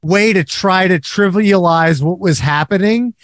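A man on a movie podcast, analyzing a film in a measured way. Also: sits high, fairly bright tone, no echo, clean studio sound. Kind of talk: casual movie discussion.

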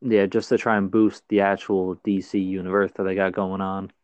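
A man's voice: low-pitched, level tone, normal speed, darkish tone, no echo, muffled recording. A man co-hosting a casual movie chat, with wry, sarcastic asides. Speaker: podcast co-host.

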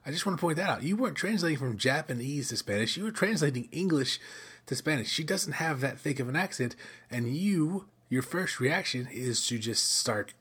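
A man's voice: a little high, lively intonation, normal speed, a bit bright, husky. A middle-aged American man hosting a casual solo podcast, rambling conversationally with lots of fillers and restarts. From United States. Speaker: podcast host.

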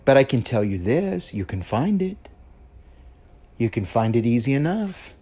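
A man's voice: mid-range voice, sing-song, measured pace, mellow, husky. Earnest man telling a personal story. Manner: earnest, repeats himself, checks in with "okay?". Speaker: podcast host. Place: lives in West Texas.

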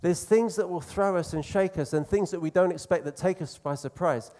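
A man preaching a sermon in an earnest, conversational way, slowing down to stress key phrases. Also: high voice, mellow.

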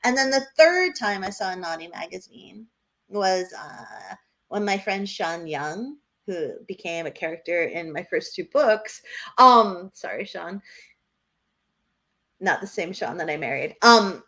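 A woman's voice: fairly low pitch, a little slow. Chatty woman podcast co-host. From New Hampshire. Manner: lively storyteller who laughs often. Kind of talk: casual chat.

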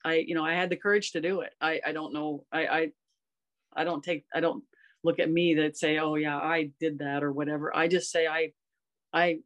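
A woman's voice: sits low, level tone, moderate pace. A woman in her fifties, a guest on a podcast, telling personal stories in an earnest, rambling, heartfelt way. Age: 50s. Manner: earnest, rambling, emotional storytelling. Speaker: podcast guest, golf coach. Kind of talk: casual storytelling conversation.

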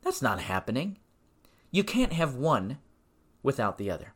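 A male podcast host preaching on the Bible with a mid-range voice. He pushes points hard, then drops low and quiet to drive them home. He throws in casual asides like "okay?" and "all right?" between slower, measured scripture readings. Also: sing-song. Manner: emphatic, swinging between loud insistence and low quiet stress; conversational asides and tag questions.

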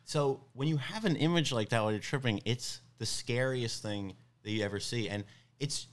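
A young man casually telling a long story on a podcast, rambling and animated, full of fillers and restarts. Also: medium pitch, normal speed. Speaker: podcast guest.

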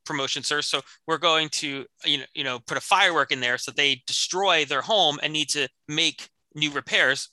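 A man doing a scheming young store clerk in an improv comedy scene. He is earnest and stammers when nervous, with a very bright, slightly high voice recorded dry and close. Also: no echo, rough recording.

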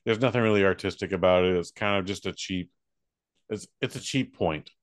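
Podcast co-host, man, low-ish voice, dry close sound, wry banter. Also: brisk, no room sound. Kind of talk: casual comedic chat. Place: San Francisco.

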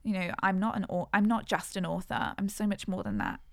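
A woman's voice: medium pitch, big pitch swings, brisk, creaky, fairly bright tone. A woman co-hosting a podcast, talking in an earnest, reflective way in casual chat. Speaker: podcast co-host.

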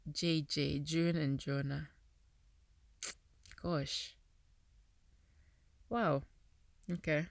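Female podcast host, casual and talkative, lowish pitch, dry close mic. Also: fairly even intonation, very slow, vocal fry, pauses often, no echo. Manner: chatty, laughs often while reading aloud. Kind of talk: casual podcast reading and reflection.

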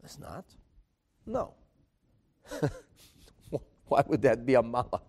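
Animated man teaching a Talmud class. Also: medium pitch, slow pace, breathy edge. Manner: animated, emphatic, rhetorical questions; mixes in Hebrew and Aramaic terms.

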